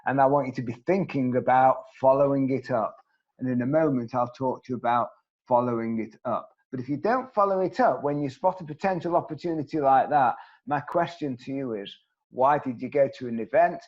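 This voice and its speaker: Over a video call, a man leads an online networking training session in a medium-pitched, slightly fast voice on a muffled recording. He speaks earnestly and emphatically, asking his audience direct questions.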